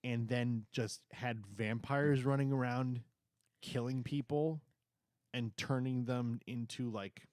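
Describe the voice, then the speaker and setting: A man's voice: medium pitch, fairly even intonation, takes it slowly, darkish tone, no echo, clean studio sound. A young adult man co-hosting a casual review chat, enthusiastic and rambling, sometimes stumbling over his words. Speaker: co-host reviewing theme park events.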